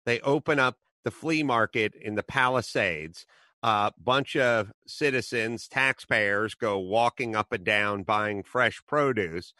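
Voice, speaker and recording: Middle-aged guy ranting on a podcast, bright punchy voice, dry close mic. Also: fairly low pitch, slow, no room sound. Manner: ranting, animated storytelling with put-on quotes. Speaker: podcast host. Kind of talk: casual chat.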